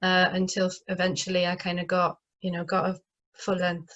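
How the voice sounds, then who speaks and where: A playwright from northeast England, with a northeast English accent, chats casually in an interview heard over a video call, full of fillers and restarts. Her voice is fairly low and a bit bright, her delivery completely flat and brisk, and the highs are cut off.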